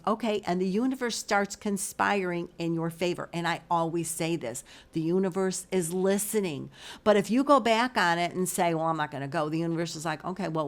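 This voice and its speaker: A middle-aged woman and spiritual life coach, telling a story in a chatty, casual way and acting out both sides of the conversation. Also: fairly low pitch. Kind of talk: casual motivational monologue.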